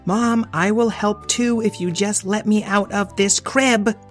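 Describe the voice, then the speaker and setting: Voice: medium pitch, steady tone, unhurried, faint music behind, voice pushed up, lightly acted. A performer voicing a precocious boy who insists earnestly that something is wrong. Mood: insistent.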